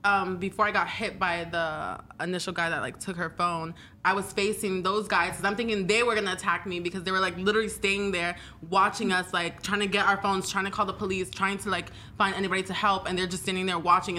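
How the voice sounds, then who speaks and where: A woman guest in a casual interview, with a bright, forceful voice. She rambles through her account, with lots of fillers and some swearing. Faint background noise sits under her voice. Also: fairly low pitch, little pitch movement, a little fast, few pauses.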